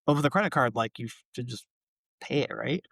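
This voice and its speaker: A man co-hosting a podcast, casually recapping a sitcom episode with a relaxed, chatty delivery. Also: medium pitch, fairly quick, creaky, no echo, studio quality. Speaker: podcast co-host.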